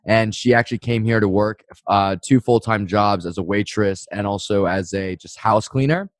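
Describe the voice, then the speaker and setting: A man's voice: lowish voice, moderate pace, no room sound. A man in his twenties, a guest on a podcast, telling his story in a friendly, chatty way over a remote line. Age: 20s. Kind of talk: podcast interview. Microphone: remote call.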